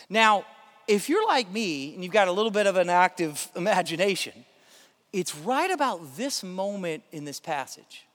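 A man preaching a sermon as pastor, in a conversational, animated way with plenty of fillers. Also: high-pitched, big-room sound.

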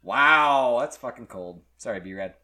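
A man's voice: mid-range voice, expressive, measured pace, background noise. A man co-hosting a podcast in casual chat, laughing often and reading posts aloud in mock-dramatic voices. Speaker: podcast co-host.

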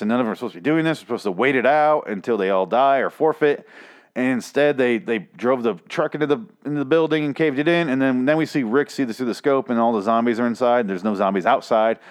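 A man talks close to the mic, recapping an episode on his own podcast. His voice sits in an ordinary middle pitch. He rambles and swears constantly, with sarcastic jabs throughout. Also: clear, resonant tone. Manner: rambling, sarcastic, swears a lot, jumps into exaggerated outbursts. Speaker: podcast host reviewing a TV show. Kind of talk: casual profane solo recap.

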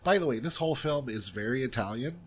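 A man with a husky, slightly rough voice talks through a film in a relaxed podcast chat. He is blunt and opinionated. His lines land with plain frankness. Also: mid-range voice, quick pace. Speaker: podcast co-host reviewing films. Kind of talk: casual chat.

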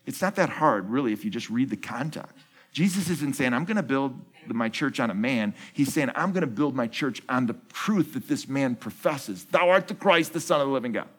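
A man's voice: mid-range voice, expressive, brisk, breathy edge. A man giving a sermon as founding pastor of his church, asking the congregation questions, answering them himself, and repeating key phrases.

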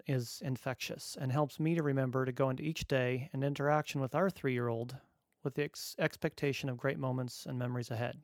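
A man's voice: mid-range voice, dry recording, clean studio sound. A father reading his own personal essay aloud in a wry, earnest, conversational way.

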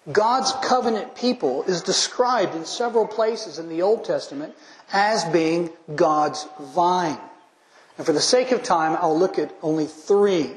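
A man's voice: sits high, echoey room, poor audio. A man preaching a methodical expository sermon as pastor, listing his points and verse references and leaning hard on key lines.

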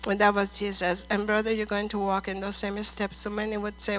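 A middle-aged woman ministering prophetic words over people in church, earnest and measured, calling them dear and brother. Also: mid-range voice, completely flat delivery, slight background noise, poor audio.

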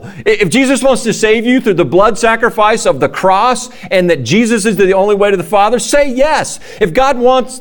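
A middle-aged man preaching a sermon, acting out quoted voices in a raised pitch and dropping low for solemn lines. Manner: animated, acts out quotes in a raised voice. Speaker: pastor.

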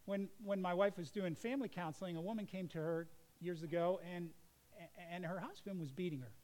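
A man's voice: high voice, brisk, a little mellow, poor audio. A middle-aged male pastor preaching a sermon in an earnest, conversational way.

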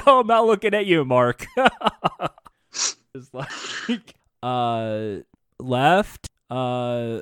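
A man co-hosting a casual podcast chat, animated and laughing often, sometimes slipping into a mock game-show announcer voice. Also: on the high side, takes it slowly, smooth, no room sound, studio quality. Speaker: podcast co-host.

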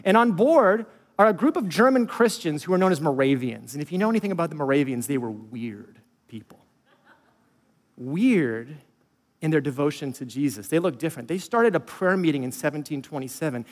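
A man preaching a sermon, emphatic, swinging from loud declarations to hushed storytelling. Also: on the high side, lively intonation, brisk, long reverb tail. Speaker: pastor.

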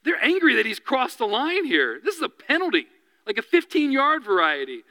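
A man preaching a sermon as pastor, animated, often dropping to a hushed, slow voice. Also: very high-pitched, no room sound, low-quality recording.

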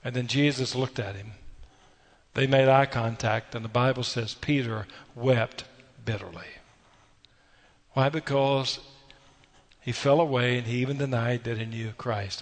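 A man's voice: mid-range voice, long reverb tail. A man preaching a sermon, exhorting earnestly with repeated phrases and rhetorical questions. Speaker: pastor.

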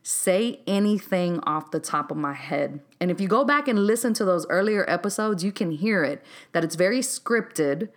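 A woman's voice: fairly low pitch, animated, normal speed, few pauses. A woman from Texas with a Texas accent, hosting a solo podcast in a candid, chatty, unscripted way with easy laughs. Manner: candid, chatty, laughs easily, says "y'all" and "um". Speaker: podcast host.

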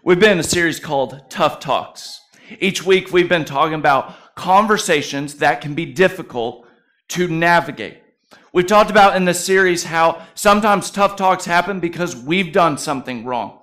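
A man's voice: high voice, a bit bright. A male pastor preaching a conversational sermon, telling stories with frequent "uh" fillers.

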